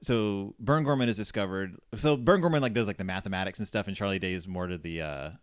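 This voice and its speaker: A man's voice: fairly low pitch, fast talker, no echo, studio quality. A man hosting a casual film review chat in his living room, chatty and rambling, laughing often between points. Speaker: podcast host.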